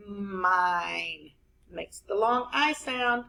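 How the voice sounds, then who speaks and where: Slow, encouraging woman teaching spelling. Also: medium pitch, lively intonation, fairly bright tone, rough recording. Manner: slow, clear, spelling words out letter by letter. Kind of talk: spelling lesson for young children.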